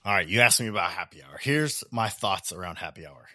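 A man's voice: sits low, lively intonation, brisk, pushed and bright, dry recording, clean studio sound. A man in his thirties co-hosting a casual podcast chat in a laid-back way. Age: 30s. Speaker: podcast co-host.

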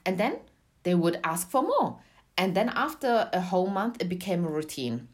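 A young woman being interviewed, telling a personal story in a lively, chatty way and laughing often. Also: medium pitch, normal speed. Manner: animated, laughs often, acts out quotes. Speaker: interview guest. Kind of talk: casual storytelling in conversation.

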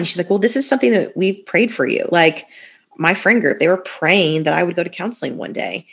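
A woman's voice: lowish voice, lively intonation, brisk, vocal fry, a bit bright, slightly rough. A woman in her thirties sharing her personal story in a conversation, candid and rambling, with many fillers and restarts. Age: 30s.

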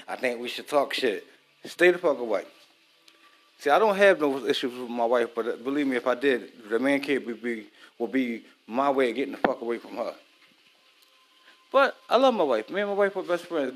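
Married man, loose profane cooking-vlog chat aimed at the camera. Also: medium pitch. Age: adult, married. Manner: loose, profane, talks straight to viewers. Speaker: vlogger. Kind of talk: casual chat while cooking.

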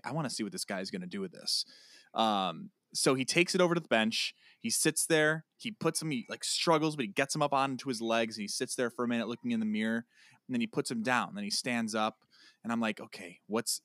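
A man co-hosting a podcast who tells his stories with animation and gets loud when he's riled. His voice sits at an ordinary pitch, and the sound is dry and close with no room echo. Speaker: podcast co-host. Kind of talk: casual chat.

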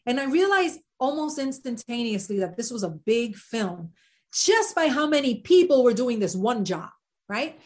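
A woman, an actress and singer, telling a lively anecdote as a podcast guest. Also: fairly high pitch, normal speed. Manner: lively, acts out quoted voices.

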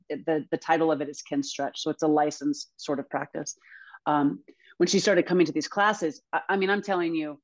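Woman, 30s, lower voice, animated storyteller, casual interview chat. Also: highs cut off. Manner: animated storyteller, laughs often, acts out quotes. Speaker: guest, movement coach.

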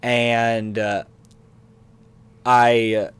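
A man's voice: medium pitch, little pitch movement, very slow, clean tone. A man in his twenties co-hosting a podcast, telling a rambling story full of fillers and laughing as he goes. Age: 20s. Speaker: podcast co-host. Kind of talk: casual storytelling chat.

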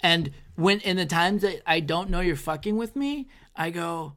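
A man's voice: sits high, moderate pace, a bit bright. A man co-hosting a casual comedy podcast, joking dryly with his friend. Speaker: co-host. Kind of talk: casual banter.

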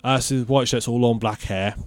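A podcast co-host with a medium-pitched voice chats casually at a moderate pace in a dry recording. He's an animated storyteller, acting out the lines of the people in his stories.

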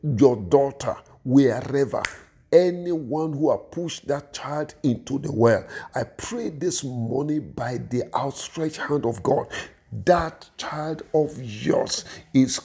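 A man's voice: mid-range voice, slow, mellow, slightly rough. A man, preaching and praying with fervor, repeating phrases as he builds. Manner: fervent, repeats phrases and restarts. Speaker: pastor. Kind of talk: sermon with prayer.

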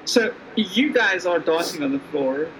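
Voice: mid-range voice, animated, measured pace. Game master, easygoing narration, slight background hum.

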